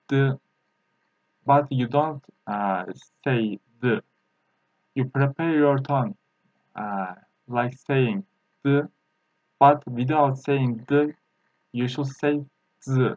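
A man teaching a language lesson, a Turkish native speaker, talking in a halting way with many fillers and repeating sounds slowly for practice. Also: medium pitch, no echo, highs cut off.

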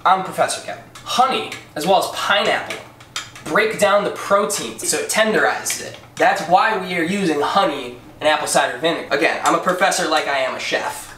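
A man's voice: fairly high pitch, brisk, pushed and bright. A man hosting a crude comedic cooking demo, swearing and joking as he gives mock instructions. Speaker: comedic cooking show host. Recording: echoey room, distant mic, noisy.

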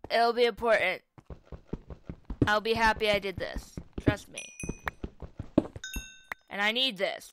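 A woman's voice: a little high, background noise. A young woman casually commenting on her own survival gameplay, chatty and self-mocking, often exclaiming at what happens. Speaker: gaming YouTuber.

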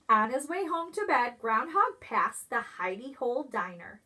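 A preschool teacher reading a picture book aloud, pausing to ask the children questions. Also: female voice, a little high, slight background noise. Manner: expressive, asks children questions. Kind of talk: storybook read-aloud for preschoolers.

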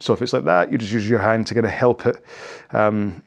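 This man talks fairly quickly in a lowish, steady voice with vocal fry, and the highs in the audio are cut off. Leading the cool-down after an indoor rowing workout, he rambles casually, pokes fun at himself, and keeps apologizing between stretching cues.

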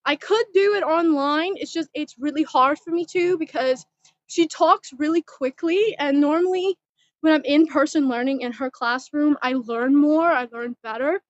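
A teenage girl vlogging outdoors at home, chatting in a rambling, giggly, excitable way into a handheld phone. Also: high voice, normal speed, dry recording. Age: teens. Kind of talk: casual chatty vlog. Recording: dull, muffled phone audio.

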